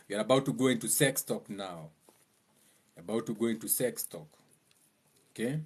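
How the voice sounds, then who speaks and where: A young Kenyan man giving a mocking, joking monologue, laughing at his own lines and slipping into high mimicking voices. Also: normal speed, pauses often, breathy edge. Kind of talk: humorous monologue.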